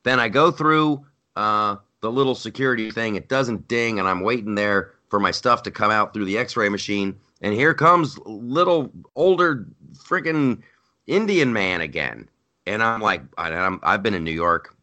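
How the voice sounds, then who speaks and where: A man co-hosting a podcast, telling stories in casual chat with loud, animated outbursts. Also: on the low side, normal speed. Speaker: podcast co-host. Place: lives in New York.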